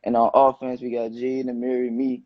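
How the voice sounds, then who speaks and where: A young man in his late teens, a high school football player, answering interview questions in a relaxed, slangy way. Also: a little fast, no room sound. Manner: relaxed, loose slangy phrasing with many "you know"s. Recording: dull, muffled dry sound.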